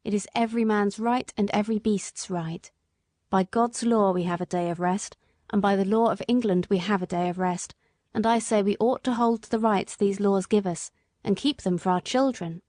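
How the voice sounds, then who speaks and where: A woman's voice: medium pitch, normal speed, darkish tone, no room sound, clean studio sound, lightly acted. A woman reading an audiobook, voicing a principled male cab driver who speaks firmly.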